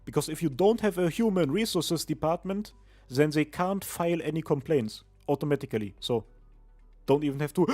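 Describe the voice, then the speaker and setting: A man's voice: on the high side, lively intonation, brisk, a little mellow, soft background music. A young man streaming a video game, giving crude, joking commentary and laughing often. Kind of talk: casual game livestream commentary.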